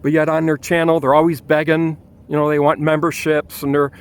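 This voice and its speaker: A man's voice: a little high, flat delivery, brisk, clean tone. A man ranting outdoors in a vlog with an angry, exasperated manner and frequent restarts, with a Michigan accent. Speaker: vlogger.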